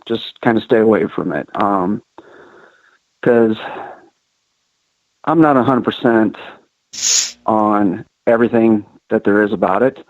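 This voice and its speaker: A man's voice: on the low side, a little slow, long pauses, no echo, narrow, tinny audio. A man from the American Midwest, a paranormal investigator, chatting casually in an interview with many ums and restarts.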